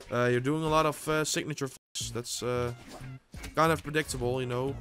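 A young man giving excitable gameplay commentary as host, swearing and bursting into sudden yells. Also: medium pitch, normal speed, faint music behind. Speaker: gaming channel host.

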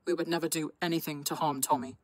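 A woman voicing an anxious young man whose voice is rough and strained. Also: low-pitched, steady tone, fast, no echo, lightly acted. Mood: worried. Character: shaken young man, anxious older brother.

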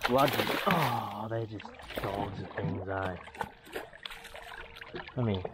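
A man's voice: fairly low pitch, slow pace. An Australian man vlogging while fishing on a boat, exclaiming and joking in playful slang. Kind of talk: excited fishing banter. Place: outdoors on a boat at sea. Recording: noisy outdoor boat audio.

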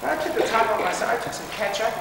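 A man's voice: high voice, animated, fast talker, vocal fry, heavy background noise. A man giving a dramatic personal storytelling talk to a school assembly, recorded from far off in a large hall. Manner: dramatic, rises to pleading shouts. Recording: distant echoey hall recording.

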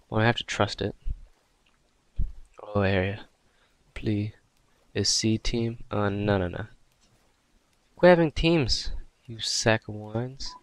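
A young man giving excitable, dramatic commentary while playing a video game and talking to characters in the game. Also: lowish voice, gravelly, dry recording. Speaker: gameplay commentator. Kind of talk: gameplay commentary.

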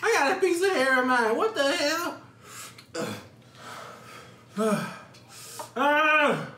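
A man's voice: very high voice, lively intonation, takes it slowly, pushed and bright, distant mic. A young man vlogging a food challenge, his mouth burning, exclaiming and groaning in slangy casual banter. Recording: roomy echo, off-mic, faint noise.

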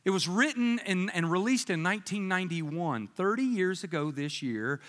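Animated high-voiced male pastor. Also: normal speed. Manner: animated storytelling, jokey asides, quoting others in voices. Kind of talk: sermon. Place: church sanctuary. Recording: church sanctuary with long reverb.

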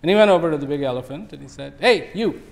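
A man in his fifties giving a speech to an audience, telling a fable in a relaxed storyteller's manner. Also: a little high, racing, vocal fry. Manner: relaxed storyteller, acts out animals. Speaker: invited speaker.

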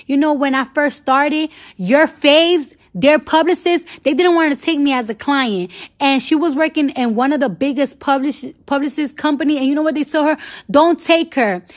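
A woman, delivering a heated, profane and blunt unscripted rant straight to her followers. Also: high-pitched. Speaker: celebrity rapper ranting to fans.

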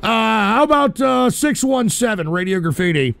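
A man's voice: sits high, expressive, moderate pace, creaky, fairly bright tone. A man hosting a call-in radio show, ranting brashly, swearing and repeating himself as he takes calls. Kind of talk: profane call-in radio rant.

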